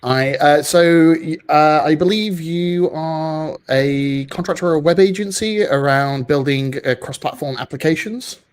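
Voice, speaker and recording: A man's voice: a little high, a little slow, hardly any pauses, clean tone. Jokey man hosting an online meetup. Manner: jokey, hesitant. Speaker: meetup host. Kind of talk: live event hosting.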